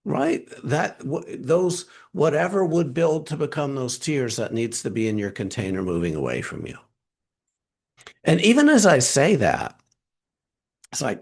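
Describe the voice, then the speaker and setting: Male workshop trainer on a video call, lively up-and-down pitch, quizzes the group then answers himself. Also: unhurried, vocal fry. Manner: animated, asks and answers his own questions.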